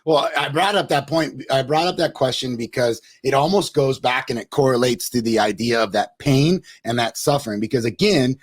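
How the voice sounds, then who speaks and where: A man hosting a casual podcast, talking candidly and excitably and swearing freely. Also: medium pitch, moderate pace, few pauses. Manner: candid and excitable, heavy profanity.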